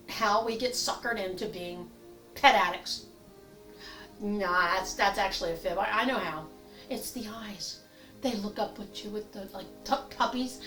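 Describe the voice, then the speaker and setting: A woman's voice: mid-range voice, fairly bright tone. An older woman chatting in a rambling comic monologue, acting out little voices as she goes. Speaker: comedy vlogger. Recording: echoey room, a bit far from mic.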